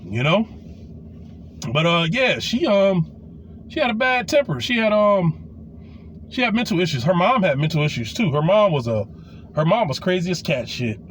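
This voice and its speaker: A man in his forties tells a raunchy personal story in a loose, profane storytime style, his talk full of fillers and restarts. His voice sits high for a man and swings widely in pitch as he gets animated. A faint hiss of noise runs underneath. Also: normal speed, pauses often. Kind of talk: casual storytime monologue.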